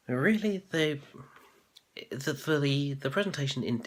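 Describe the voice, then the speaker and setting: A man's voice: mid-range voice, big pitch swings, unhurried, breathy edge. A man talking casually and thoughtfully about what he learned on his course, with frequent ums and uhs. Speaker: MBA student vlogger. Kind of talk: casual reflective monologue.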